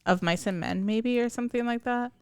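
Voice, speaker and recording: A podcast co-host in casual chat, agreeable and quick to laugh. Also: medium pitch, smooth, no room sound.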